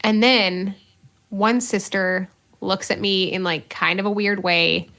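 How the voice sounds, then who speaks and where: Earnest, self-mocking religious sister. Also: female voice, medium pitch, steady tone, slow, pushed and bright. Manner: earnest, self-mocking, breaks into laughter, many fillers. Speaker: religious sister, podcast co-host. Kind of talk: casual podcast conversation, personal story.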